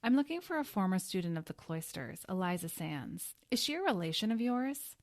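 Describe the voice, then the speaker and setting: A woman's voice: medium pitch, big pitch swings, brisk, dry recording, clean studio sound. A woman voicing a sardonic, bold teenage schoolgirl who fakes being a reporter. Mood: mock-official.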